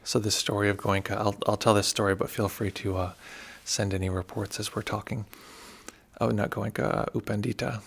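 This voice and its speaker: A man teaching meditation on a livestream, telling a story in a relaxed, thoughtful way with frequent digressions. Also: lowish voice, a little fast, creaky.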